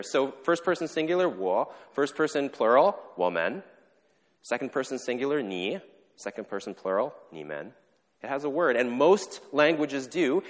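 A pastor giving a sermon in a conversational, self-deprecating way, with playful asides. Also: male voice, medium pitch, fairly bright tone. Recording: long reverb of a hall.

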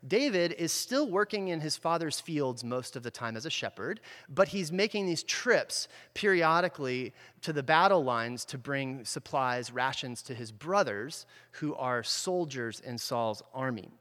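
A man's voice: mid-range voice, expressive, a little slow, few pauses, fairly bright tone. A man preaching a conversational sermon, retelling a story in a casual way and often checking in with the listeners. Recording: long reverb from a large hall.

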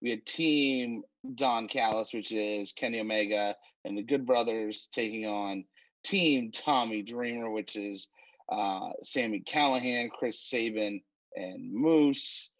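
A man co-hosting a wrestling podcast, walking through the matches in easy casual chat. He talks slowly and unhurriedly, with plenty of fillers and restarts. His voice is recorded dry and close, with no room sound. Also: lowish voice, fairly bright tone, no echo, rough recording.

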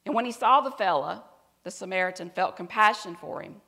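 Woman, middle-aged, preacher, earnest, soft-spoken at emotional points. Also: medium pitch, lively intonation, brisk, creaky. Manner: earnest storytelling, drops to soft quiet tones at emotional parts. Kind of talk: sermon with personal story.

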